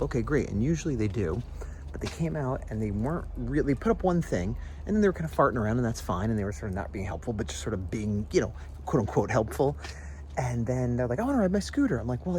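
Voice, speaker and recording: A man talks fast and rambles in a casual vlog, his pitch jumping around as he tells stories. He is outdoors by a house at dusk with faint ambience behind him. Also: slight background noise. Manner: rambling, animated storytelling with mimicked voices. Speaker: vlogger.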